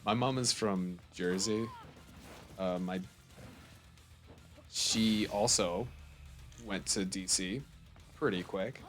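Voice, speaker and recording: A man's voice: sits low, slow, pauses often, faint music behind. A man chatting casually and joking with a friend while they play a game. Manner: joking, loose, laughs often. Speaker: co-host. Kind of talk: casual chat while gaming.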